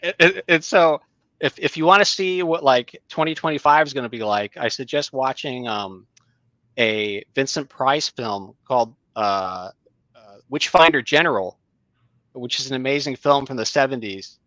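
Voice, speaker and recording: A middle-aged man, a writing teacher, telling a story in casual conversation, halting with many fillers and restarts. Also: mid-range voice, a bit bright, dry recording, poor audio. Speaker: guest, creative writing teacher.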